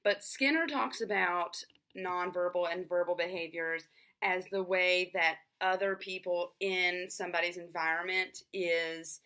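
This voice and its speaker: A young woman with a bright, clear-toned voice talks through a class topic as a student. She explains casually and loosely, filling her sentences with "like" and "um". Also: on the low side, fairly even intonation, a little slow. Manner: filler-heavy, frequent "like" and "um". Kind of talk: casual spoken explanation to camera.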